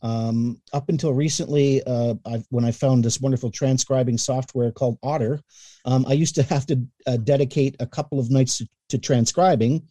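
A middle-aged man from Canada telling animated stories as a guest in a casual interview, sometimes acting out the voices he quotes. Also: medium pitch, normal speed, no echo. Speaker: guest, newspaper columnist and radio voice.

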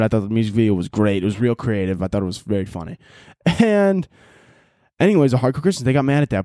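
Animated, swearing male comedian. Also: mid-range voice, no room sound, studio quality. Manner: profane, animated and ranting. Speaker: comedian and podcast host. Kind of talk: casual comedic rant.

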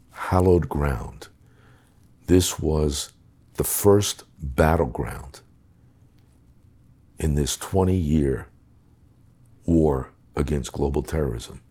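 A man's voice: very deep voice, extremely slow, long pauses, dark tone, breathy edge. A middle-aged man telling a story in conversation, blunt, emphatic and full of swearing. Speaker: guest recounting his time as a police official.

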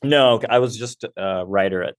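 A man's voice: on the low side, moderate pace, no echo, clean studio sound. A man in his forties chatting as a podcast guest, laughing often. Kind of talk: casual podcast chat.

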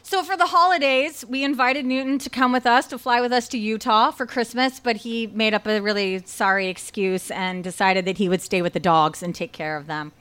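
Young woman storyteller, raised pitch, wry and animated comic delivery. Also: normal speed, hardly any pauses, clear, resonant tone. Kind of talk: live personal storytelling.

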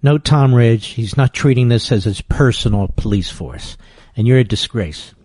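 A man's voice: medium pitch, normal speed, darkish tone, slightly rough, no echo. A man hosting political talk radio, combative and emphatic in his commentary, often scornful. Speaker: radio talk show host.

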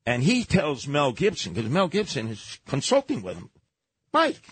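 A man's voice: mid-range voice, huge pitch swings, normal speed, husky, dry recording. A man hosting a radio talk show, telling stories and giving blunt, emphatic advice at a studio microphone.

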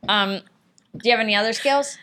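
A woman hosting a comedy talk show, firing off quiz questions with deadpan, mock-insulting jabs at her guest. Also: on the high side, brisk, slight background noise. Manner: dry, mock-insulting quizmaster.

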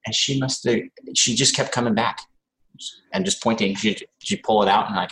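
Podcast co-host, man, thirties, low voice, unhurried and wry. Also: fairly even intonation, fairly bright tone, rough recording. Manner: slow, easygoing, wry. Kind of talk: casual chat.

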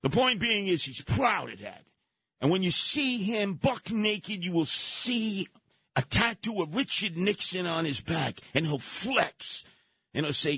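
A male talk radio host rants through his monologue, his pitch swinging widely as he slips into mocking impressions. His voice is slightly husky, and the mic sounds dry and close. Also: measured pace, no echo. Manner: animated, jumping into mocking impressions.

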